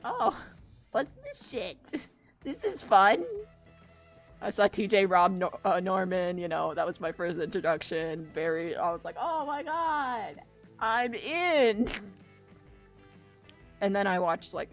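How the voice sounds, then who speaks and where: A woman with a fairly low voice chats casually while she draws on stream, rambling and swearing freely as she tells a story. Faint music plays underneath. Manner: rambling, profane, animated storytelling. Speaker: streaming artist. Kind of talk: casual chat while drawing.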